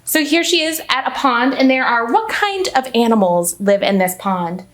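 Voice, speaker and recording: A woman reads a picture book aloud to children in an animated storytime voice, stopping to ask her listeners questions. Her voice is high and lively, rising and falling often. It rings in an echoey room with faint music in the background. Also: normal speed. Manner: animated, asks the audience questions. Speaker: children's librarian. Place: library.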